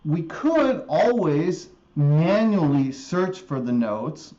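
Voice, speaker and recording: A man teaching guitar music theory in a live stream, slowly repeating a scale formula and often checking in with an "okay?". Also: on the high side, big pitch swings, dark tone, lo-fi sound. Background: guitar playing.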